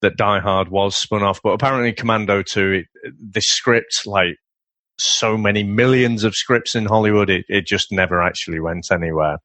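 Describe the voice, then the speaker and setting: Laid-back guy, lowish voice, dry close sound, laughs a lot while chatting films. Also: steady tone, normal speed, sharp tone, no echo. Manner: chatty, laughs often, rambling asides. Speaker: podcast co-host. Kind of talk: casual film review chat.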